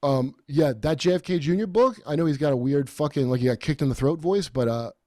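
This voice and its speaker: A man's voice: on the high side, a little fast, darkish tone, no echo, clean studio sound. A man hosting a podcast, talking in a rambling, profane, mocking way and putting on quoted voices. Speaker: podcast host. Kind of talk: casual comedic chat.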